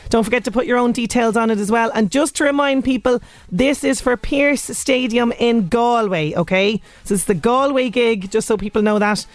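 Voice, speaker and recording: A woman's voice: on the high side, moderate pace, dry recording. A woman with an Irish accent presenting a radio show in casual chat, laughing often as she talks.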